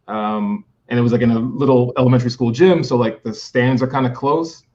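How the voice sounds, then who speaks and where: A man's voice: medium pitch, fairly even intonation, fairly quick, dark tone. A man from New Jersey, a podcast guest chatting casually and laughing often between his remarks. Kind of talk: casual chat. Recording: dull lo-fi audio.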